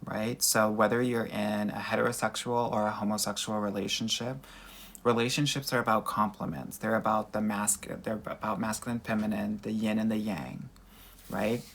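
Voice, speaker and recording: A man's voice: lowish voice, flat delivery, moderate pace, gravelly, fairly bright tone. A man working as a dating coach, answering viewer comments in a chatty livestream Q&A with a Valley Girl voice and mannerisms, calling everyone girl and honey.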